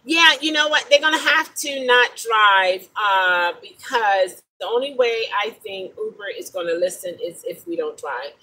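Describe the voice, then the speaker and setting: A middle-aged woman with an African-American English accent, a rideshare driver telling stories in a casual vlog, animated and incredulous. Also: mid-range voice, measured pace, few pauses, poor audio. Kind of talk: casual talking-to-camera vlog.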